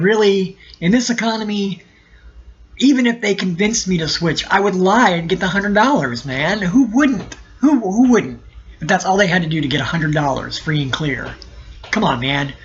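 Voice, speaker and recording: A man's voice: a little high, a bit bright, husky, dull audio. A man ranting sarcastically in a video blog, exasperated and often restarting his sentences. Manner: exasperated, sarcastic, talks himself in circles. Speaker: vlogger. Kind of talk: ranting monologue to camera.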